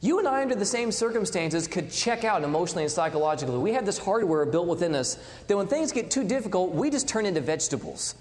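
A man preaching a sermon, dramatic, dropping to hushed tones and rising again. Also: high-pitched, very animated, fast talker, hardly any pauses. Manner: dramatic, swings between loud and hushed. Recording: long hall reverb.

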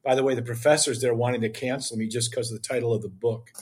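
A man's voice: medium pitch, fairly even intonation, fast, a little mellow, husky. An older man as a podcast guest, speaking with passion in an emphatic, preachy way. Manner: emphatic, preachy, acts out dialogue. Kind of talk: impassioned interview talk.

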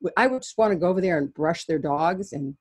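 An older woman, a veterinarian guest, telling stories from her life in an animated conversational way, often restarting her sentences and laughing. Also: lowish voice, fast talker, husky, no room sound, clean studio sound. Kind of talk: conversational storytelling.

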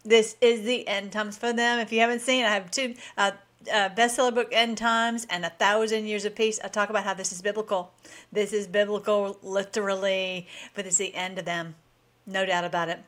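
A woman's voice: medium pitch, little pitch movement, moderate pace, a bit bright. A woman hosting a casual commentary vlog. She talks enthusiastically and rambles, with frequent restarts. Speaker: host.

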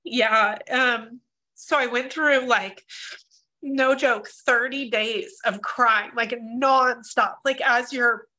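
A woman's voice: on the high side, fairly even intonation, takes it slowly, bright, forceful tone. A woman sharing her writing struggles in a group workshop, talking earnestly and emotionally with many fillers over a video call. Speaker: workshop participant. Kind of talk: casual group discussion.

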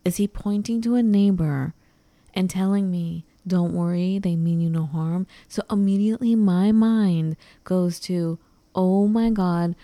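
A woman co-host telling a story in a relaxed, mellow voice that sits a little low. She throws herself into the quoted dialogue and acts out each person as she goes. The sound is dry and close. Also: measured pace, no echo. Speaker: podcast co-host. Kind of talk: casual storytelling chat.

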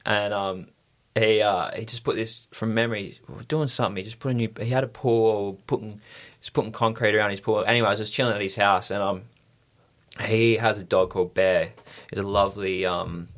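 A man's voice: on the low side, fairly even intonation, a little fast. An Australian man telling stories as a podcast guest in an easygoing, rambling way with lots of fillers. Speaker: podcast guest, stunt rider. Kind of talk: casual storytelling.

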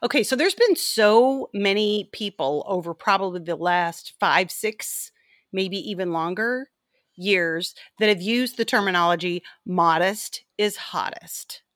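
A woman hosting a podcast in casual chat, playful and bubbly, with quick asides to her co-host. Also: mid-range voice, fairly bright tone, no room sound, clean studio sound.

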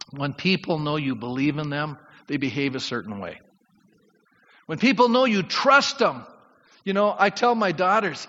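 Middle-aged male pastor, high voice, animated sermon delivery, dull recording in a reverberant hall. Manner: animated, rising to near shouts when preaching. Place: church sanctuary. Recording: muffled church recording with long reverb.

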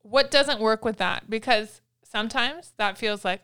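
A middle-aged woman hosting a casual parenting talk, earnest and reflective, pausing her guest to probe further. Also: fairly high pitch, pushed and bright, clean tone. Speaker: podcast host.

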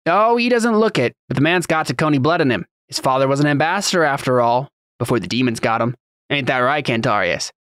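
A man's voice: mid-range voice, normal speed, a bit bright, no room sound, clean studio sound, natural voice. A man voicing a sneering, bullying male laborer in a mocking, taunting drawl for an audiobook.

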